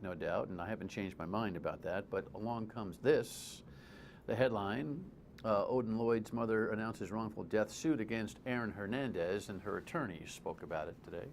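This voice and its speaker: A man's voice: on the low side, normal speed, creaky, slight background noise. A male TV talk show host, delivering a wry, conversational commentary monologue full of asides.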